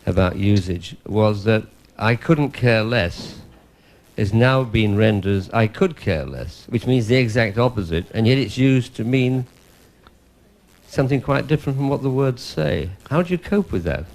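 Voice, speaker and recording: Man hosting a lively panel. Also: mid-range voice, normal speed, vocal fry. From England. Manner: lively, probing questions. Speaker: host. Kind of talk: discussion panel.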